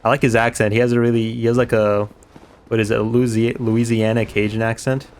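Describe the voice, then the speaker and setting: A man's voice: medium pitch, flat delivery, fairly quick, a little mellow, slight background noise. A man streaming a game, giving rambling, chatty commentary and swearing casually.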